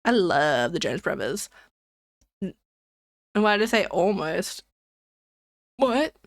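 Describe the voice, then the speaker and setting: A woman's voice: fairly low pitch, big pitch swings, slow, no room sound, studio quality. A young woman streamer chatting casually with her chat, rambling and giggling between jokes.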